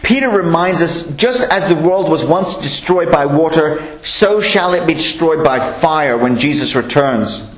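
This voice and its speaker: A man preaches a sermon, reading scripture in measured phrases before slipping into casual asides. His voice sits a little high for a man. The recording carries a noticeable room echo. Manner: reads scripture slowly, then explains in chatty asides.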